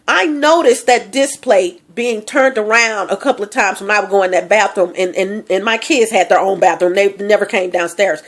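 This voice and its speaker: Middle-aged woman vlogger, fairly high voice, rambling emotional monologue to camera. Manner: rambling, emotional, talks straight to viewers. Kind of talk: personal vlog monologue.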